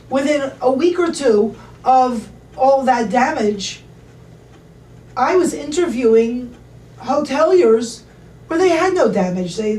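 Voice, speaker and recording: A woman telling a travel anecdote to an audience in a lively, chatty way. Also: high voice, recorded from a distance, a little hiss or hum. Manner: animated, chatty anecdotal storytelling. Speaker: travel expert speaker. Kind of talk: casual storytelling to an audience. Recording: echoey room, voice from off mic, faint ambience.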